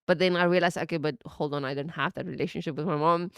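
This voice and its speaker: Animated woman in her thirties, dry sound. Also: fast talker, smooth, no echo. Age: 30s. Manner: animated, laughing, swearing, lively pitch jumps. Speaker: streamer. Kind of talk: casual storytelling chat.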